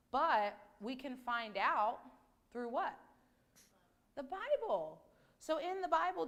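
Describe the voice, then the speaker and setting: A woman gives a children's sermon in a church. Her voice sits a little high, and her delivery is gentle and conversational. She asks the children simple questions and draws them in. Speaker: children's message leader. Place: church sanctuary.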